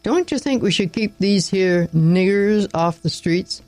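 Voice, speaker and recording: A man's voice: high-pitched, expressive, a little slow, a little mellow, no echo, faint music behind, voice pushed up. A man doing a blustering, pompous townsman. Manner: blustering, flustered. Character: fat, blustering small-town man, pompous and flustered.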